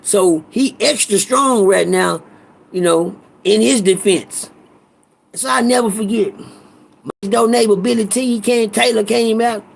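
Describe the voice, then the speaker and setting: A man's voice: high-pitched, measured pace, vocal fry. A man telling a rambling, profane story from his past in a casual way, often repeating himself.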